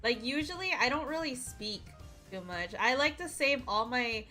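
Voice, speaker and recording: High, bright-voiced playful woman streamer. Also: lively intonation, normal speed, soft background music. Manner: playful, teasing, giggly. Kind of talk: casual chat with viewers.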